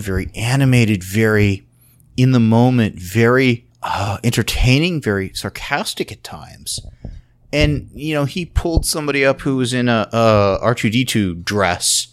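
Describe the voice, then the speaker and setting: A man hosting a podcast, casually recapping a convention panel in an animated storytelling way. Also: mid-range voice. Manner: animated storytelling, acts out quotes. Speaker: podcast host.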